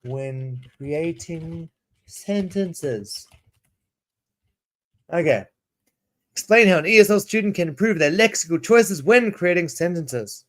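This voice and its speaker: This streamer, an English teacher from South Africa in his thirties, talks slowly and expressively, leaving long pauses. His voice is a little high and fairly bright as he rambles, restarts sentences, and reads prompts out loud.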